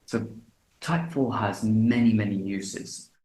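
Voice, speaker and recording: A man teaching an English lesson in a relaxed way, repeating example phrases slowly and deliberately. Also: on the low side. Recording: echoey room.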